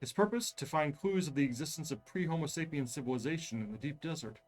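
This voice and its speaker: A man's voice: fairly high pitch, faint music behind. Man reading horror aloud, suspenseful. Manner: measured, suspenseful narration. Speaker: host reading a gamebook. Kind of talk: live horror gamebook reading.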